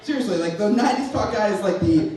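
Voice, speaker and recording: A man's voice: high voice, animated, fast talker, darkish tone. A young man doing a rambling, self-mocking stand-up comedy set on stage in front of a live audience. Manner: rambling, self-mocking, acts out voices of others. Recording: echoey distant room recording, noisy.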